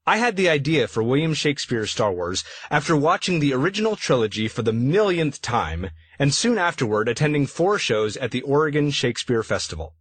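Man, audiobook afterword, husky, dry close mic, lively varied pitch, playful and bookish. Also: no echo. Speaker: author reading his afterword.

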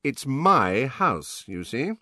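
Storybook: male reader as a loud, bristling godfather, lively delivery, dry close sound. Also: mid-range voice, slow pace, dry recording, voice pushed up, exaggerated voice. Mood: defiant. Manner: loud, defiant. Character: defiant loud grown man, godfather.

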